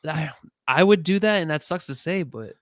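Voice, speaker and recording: A man co-hosting a sports podcast, talking in a relaxed way and thinking out loud. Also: a little high, normal speed, dry recording, clean studio sound. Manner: relaxed, thinks aloud with fillers. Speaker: podcast co-host. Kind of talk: casual sports chat.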